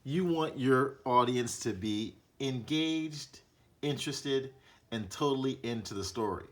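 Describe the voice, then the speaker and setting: A man teaching a reading lesson, explaining punctuation and reading a short story aloud to show flat and expressive delivery. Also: medium pitch, measured pace.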